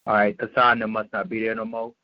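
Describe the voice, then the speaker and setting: A man co-hosting a talk radio show, signing off in a halting way with many fillers. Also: fairly low pitch, flat delivery, no echo. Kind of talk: casual sign-off. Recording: dry, dull lo-fi line.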